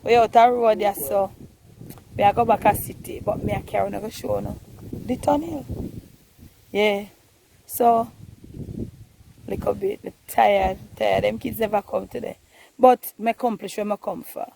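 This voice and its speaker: This woman vlogger has a gravelly, mid-range voice at normal speed, pausing often over a noisy background. Speaking Jamaican Patois with a Jamaican accent, she chats and coaxes casually into her phone camera while walking through the countryside.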